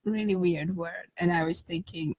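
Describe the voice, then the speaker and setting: A woman's voice: fairly low pitch, steady tone, normal speed, darkish tone, no room sound, poor audio. A woman co-hosting a podcast in casual chat, giggly and teasing, often trailing off. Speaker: podcast co-host.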